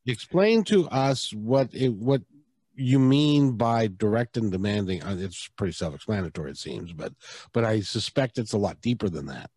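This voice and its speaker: A man's voice: fairly low pitch, animated, moderate pace, darkish tone, husky, no echo. A man co-hosting a casual chat, easygoing and prompting his partner with questions.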